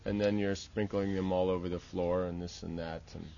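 A man's voice: sits low, flat delivery, a little fast, gravelly, dark tone, dull audio. A man teaching the steps of a temple worship ritual, explaining patiently and often checking with "right?". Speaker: religious teacher. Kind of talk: instructional talk on temple worship.

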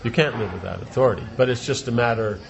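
A male spiritual teacher talks quickly in a creaky, mid-range voice, giving a rambling, informal religious talk with repeated words and rhetorical questions. The recording is muffled, with slight background noise.

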